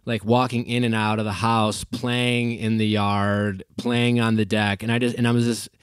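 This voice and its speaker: A man's voice: on the low side, little pitch movement, clean tone, no room sound. Easygoing man in his forties, dry sound. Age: 40s. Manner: easygoing, halting storytelling with restarts. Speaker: podcast host. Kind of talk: casual podcast chat. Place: hotel room.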